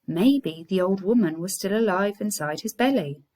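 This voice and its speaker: A woman primary school teacher with an English accent, reading a fairy tale aloud to her class in an expressive storyteller's manner. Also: medium pitch, normal speed.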